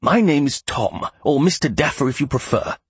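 A man's voice: mid-range voice, big pitch swings, moderate pace, breathy edge, no room sound, voice pushed up. A man reading an audiobook, voicing a terse, businesslike male shopkeeper in a matter-of-fact way.

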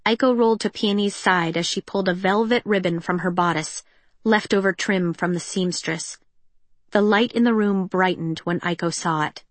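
Female audiobook narrator, mid-pitch, even delivery, dry studio sound. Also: normal speed, dry recording. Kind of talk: scripted narration.

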